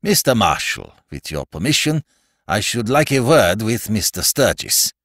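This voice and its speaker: A man's voice: fairly low pitch, very animated, measured pace, a bit bright, no echo, heavily acted. A stiff, ceremonious count with a German accent, clipped and formal, bowing over every word, as a male narrator puts him on. The delivery is dry and close to the mic. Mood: anxious.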